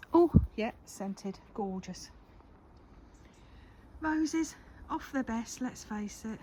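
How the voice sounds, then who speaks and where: An older woman with a warm, medium-pitched voice gives a casual walk-and-talk tour of her home garden outdoors as a gardening vlogger. She's chatty, often drops to a whisper, and coos at her cat, with slight background noise behind her.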